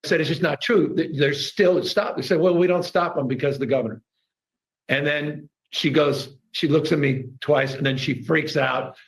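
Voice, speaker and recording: A man recounts a shopping anecdote to a room of listeners. His voice is gravelly and sits fairly high. He rushes and stresses his words when he argues his point. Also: poor audio. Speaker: politician telling an anecdote. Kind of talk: storytelling to an audience.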